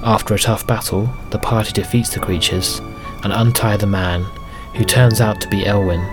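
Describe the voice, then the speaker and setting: A man narrating a solo tabletop game as game master, with steady, even storytelling. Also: lowish voice, moderate pace. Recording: music bed under narration.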